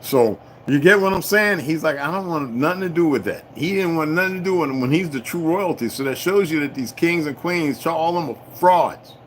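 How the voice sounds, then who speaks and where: A man's voice: a little high, a little fast, hardly any pauses, slight background noise. Profane rambling man on a livestream. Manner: profane, rambling, laughs often, talks to chat. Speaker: livestream host. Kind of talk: casual livestream monologue.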